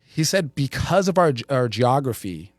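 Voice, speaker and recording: A man co-hosting a casual live chat show, his voice at a middle pitch and sitting close and dry in the room. He tells stories with lively energy and quotes what people told him. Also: normal speed, no echo. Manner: animated storyteller, quotes others. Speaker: co-host.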